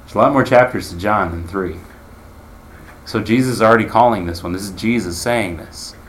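A man's voice: on the low side, brisk, a little hiss or hum. A man teaching a Bible class in a conversational way, asking his listeners questions as he explains.

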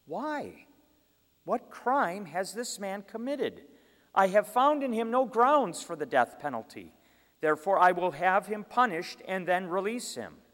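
A troubled Roman governor who keeps pressing his questions, as a man reads him aloud. His voice rises and falls with lively swings and sits a little high. The sound rings in a long hall reverb. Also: measured pace, exaggerated voice. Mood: pleading.

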